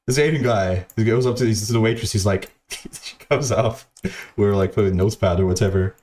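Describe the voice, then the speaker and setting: A man's voice: fairly low pitch, a little fast, a little mellow, a little hiss or hum. Rambling, swearing male streamer. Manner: rambling, stammering restarts, swears often, laughs at own story. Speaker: streamer telling a story to chat. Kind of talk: casual profane storytelling commentary.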